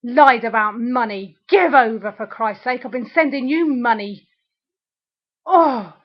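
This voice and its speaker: Furious, high-voiced woman ranting. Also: moderate pace. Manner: furious, ranting, sarcastic, swearing. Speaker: video diarist. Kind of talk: angry ranting video diary. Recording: dull lo-fi webcam audio.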